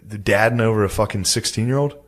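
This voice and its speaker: A man's voice: on the low side, fast talker. A man co-hosting a podcast who chimes in with teasing jokes and questions while his guest talks. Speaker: podcast co-host. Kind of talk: casual chat.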